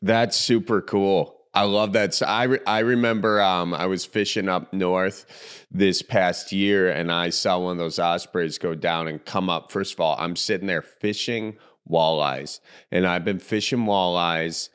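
A man hosting a podcast, chatting in a relaxed way and telling a fishing story. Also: sits low, measured pace, clear, resonant tone. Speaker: podcast host. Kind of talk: casual chat.

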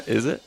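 A man co-hosting a comedy podcast in casual, joking banter, laughing often and swearing. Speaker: podcast co-host.

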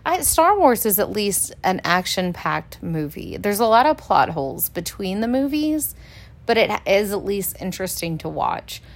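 A mother co-hosting a casual podcast chat, talking in a chatty, animated way and laughing as she tells stories. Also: medium pitch, moderate pace.

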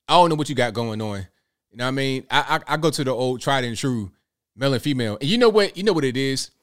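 Young guy doing reaction commentary, blunt, keeps repeating points, mid pitch. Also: expressive, quick pace. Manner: blunt, repetitive, conversational. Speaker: commentary host.

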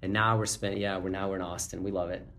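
A man's voice: low-pitched, fast. A man in his forties, born in Ukraine with Russian as his first language, speaking with an American accent, chatting as an executive guest in a casual interview with many fillers. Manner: relaxed, chuckling, many fillers.

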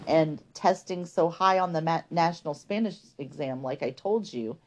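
A woman's voice: sits low, moderate pace. A woman telling her life story in a podcast, earnest and conversational, with many fillers.

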